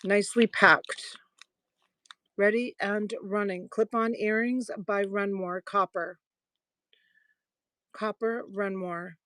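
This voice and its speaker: A woman's voice: medium pitch, fairly even intonation, slow, long pauses, fairly bright tone, no echo. Chatty woman selling jewelry live. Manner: chatty, affectionate, thanks viewers by name. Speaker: live-stream jewelry seller. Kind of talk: casual live-selling chat.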